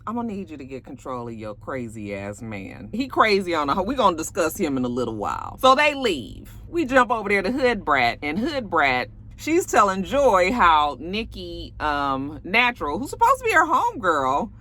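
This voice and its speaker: A young woman recapping a reality TV episode in a casual vlog, gossipy and animated, acting out the cast's lines. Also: lowish voice, normal speed, hardly any pauses.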